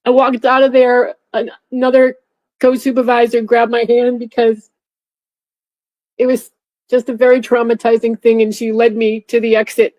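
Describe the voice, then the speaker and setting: A middle-aged woman, a former airport security officer, recounting a painful memory in a halting way with many restarts. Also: a little high, flat delivery, highs cut off. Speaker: interview guest, former TSA officer. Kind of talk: emotional personal recollection.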